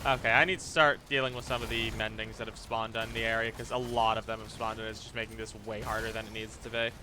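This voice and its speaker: A man's voice: on the low side, flat delivery, quick pace, music in the background. A man commentating his own live game stream, thinking aloud, stammering and repeating phrases, and swearing when things go wrong.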